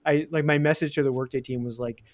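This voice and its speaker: A man's voice: medium pitch, fairly even intonation, fast talker. Chatty laughing man on a podcast. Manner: chatty, laughs through his stories. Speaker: podcast co-host. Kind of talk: casual podcast chat.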